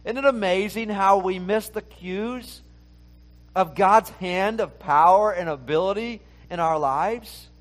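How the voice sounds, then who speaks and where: A man's voice: high-pitched, measured pace. A male pastor preaching a conversational sermon, talking casually and asking the listeners many rhetorical questions.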